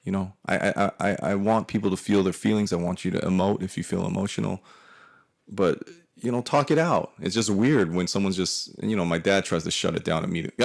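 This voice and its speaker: A man's voice: sits low, a little fast, creaky. A man in his forties telling a profane, rambling comic story about his family, with frequent restarts. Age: 40s. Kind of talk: comedic personal storytelling.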